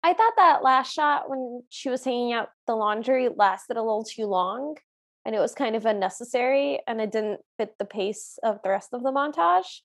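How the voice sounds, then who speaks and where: A woman's voice: a little high, normal speed. A woman co-hosting a podcast, chatting casually as she recaps a film and acts out the characters' lines. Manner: animated storyteller, acts out quoted lines. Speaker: podcast co-host.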